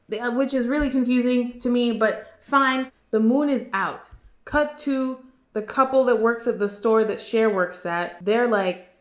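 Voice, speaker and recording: A woman casually recapping a movie, animated and quick to mimic the characters. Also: mid-range voice, soft background music. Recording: roomy echo.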